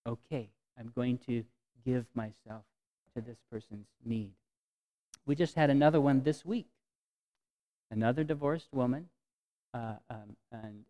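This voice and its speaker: A man preaching a conversational sermon to his congregation, telling stories with frequent restarts and swinging from soft to emphatic. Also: medium pitch. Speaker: pastor. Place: congregation meeting in a temporary venue.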